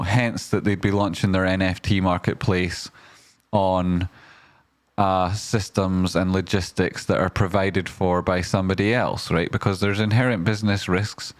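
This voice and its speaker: A man's voice: low voice, dry recording. A man, commenting on stocks in a rambling, casual way with lots of fillers, breaking into sweary rants. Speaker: stock market streamer.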